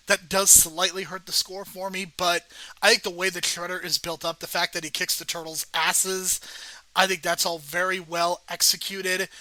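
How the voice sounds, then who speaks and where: A man with a high, bright voice co-hosting a movie podcast, laying out his verdicts in a measured, analytical way. The recording is dry and close, with no room sound. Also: no echo, low-quality recording. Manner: measured, analytical, gives scores. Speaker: podcast co-host. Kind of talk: casual movie review chat.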